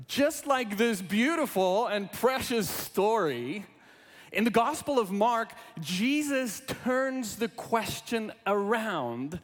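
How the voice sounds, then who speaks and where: Lively pastor in an echoing hall. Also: male voice, high voice, slow. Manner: lively, playful, reads aloud with animal noises. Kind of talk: sermon. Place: church sanctuary. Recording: long reverb in a large hall.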